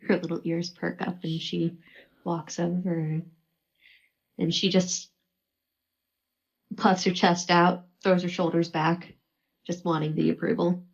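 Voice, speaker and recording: A woman's voice: lowish voice, level tone, slow pace, vocal fry, pauses often, lo-fi sound. A woman playing a tabletop game, describing her character's actions casually. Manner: casual, laid-back description. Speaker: player.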